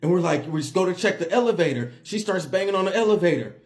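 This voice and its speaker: A man with a voice on the higher side tells a story straight to his phone camera at home. He is animated and a little breathless, and he repeats phrases and laughs as he goes. The feel is casual and unscripted. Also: quick pace. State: drowsy and dizzy. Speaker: vlogger.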